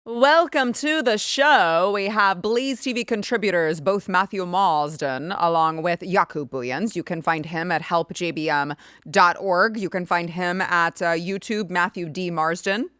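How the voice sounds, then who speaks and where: A woman's voice: lowish voice, measured pace, fairly bright tone, clear, resonant tone, no room sound, studio quality. An American woman hosting a political commentary show, talking emphatically and pushing her points hard. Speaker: host.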